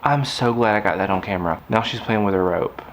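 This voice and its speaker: A man's voice: on the low side, fast, slight background noise. A man talking casually to camera in a craft vlog, rambling and chatty, turning aside to talk to his puppy. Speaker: craft vlogger. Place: indoors at home.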